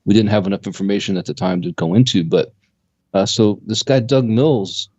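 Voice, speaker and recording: A man's voice: fairly quick, husky, no echo. Man on a lo-fi talk radio line. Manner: animated, jumps pitch when making a point. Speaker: co-host. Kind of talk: casual conspiracy talk radio chat.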